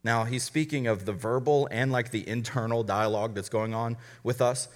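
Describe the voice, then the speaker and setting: A man who is a college pastor, preaching a conversational sermon with quick asides and light humor. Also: medium pitch, fairly even intonation, long reverb tail.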